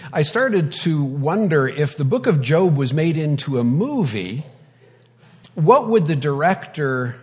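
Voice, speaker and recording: A man preaching a sermon, deliberate and reflective, with touches of light wry humor. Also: medium pitch.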